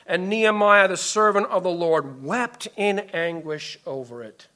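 A man preaching from the pulpit in a high, bright voice. He is impassioned, rising to loud emphasis and then dropping to near-hushed pleading. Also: measured pace. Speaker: pastor. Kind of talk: sermon.

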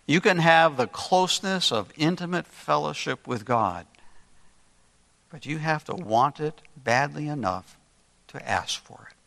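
Slow, bright older man preaching. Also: on the high side, expressive, creaky. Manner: earnest, storytelling, slow deliberate emphasis. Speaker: pastor. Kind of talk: sermon. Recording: long reverb in a large hall.

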